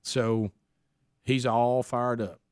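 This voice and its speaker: A man's voice: medium pitch, level tone, drawn-out words, darkish tone, clean tone, no echo, studio quality. Rambling male talk radio host. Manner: rambling, chuckling, with many restarts. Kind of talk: casual storytelling on talk radio.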